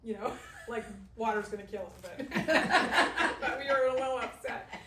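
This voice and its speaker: Middle-aged woman Bible teacher, lively laughing storyteller, heard from a distance in an echoey church room with faint hiss. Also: a little high, unhurried. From Southern California. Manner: lively storyteller who laughs and acts out quotes.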